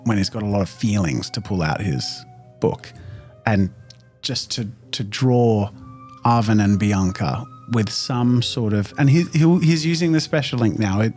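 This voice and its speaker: A man playing his character at a tabletop role-playing game, animated and joking, shifting between table talk and in-character lines. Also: lowish voice, unhurried, faint music behind. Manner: animated, joking, breaks into laughter and in-character pleas. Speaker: player.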